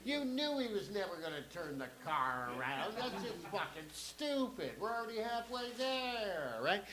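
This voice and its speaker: A man's voice: sits high, big pitch swings, crowd noise, rough recording. Profane man doing stand-up. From Canada. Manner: profane, swings between quiet asides and sudden shouts; acts out family members in quick voices. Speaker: comedian and cartoonist. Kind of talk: stand-up comedy with a drawing lesson. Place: theatre stage with a live audience.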